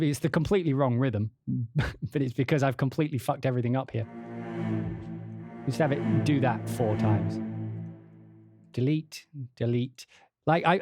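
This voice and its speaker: A young English man hosting a casual livestream, demoing music software, chatty and swearing as he laughs off his mistakes. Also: medium pitch.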